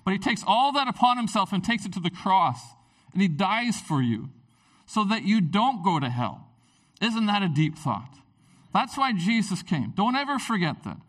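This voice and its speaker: A man preaching a casual, jokey sermon as a pastor, his voice jumping up to high excited peaks and dropping back to chatty asides. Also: moderate pace. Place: church.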